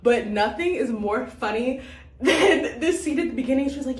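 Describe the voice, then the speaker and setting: A woman's voice: high voice, expressive, moderate pace. Chatty young woman in an echoey room. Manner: chatty, filler-heavy, laughs often. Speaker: vlogger. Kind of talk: casual chat about a reality show.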